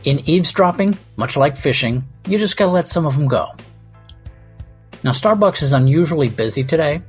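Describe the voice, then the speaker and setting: A man's voice: on the high side, expressive, moderate pace, husky, faint music behind. A man hosting a comedy podcast, delivering a wry, rambling, self-mocking monologue.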